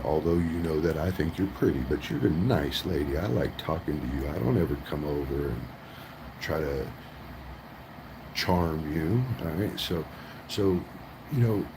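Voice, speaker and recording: A man's voice: low-pitched, noisy background. A man ranting on his vlog in a profane, rambling way, forever tagging lines with right. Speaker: vlogger.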